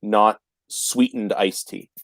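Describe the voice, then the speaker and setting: A man, telling a casual anecdote in a chatty, animated way with frequent restarts. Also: lowish voice, takes it slowly, no echo. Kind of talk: casual storytelling chat.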